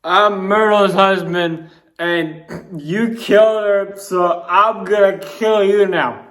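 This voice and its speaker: A man voicing a grim, vengeful husband in a student comedy play, delivering flat, slow threats. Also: high voice. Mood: menacing.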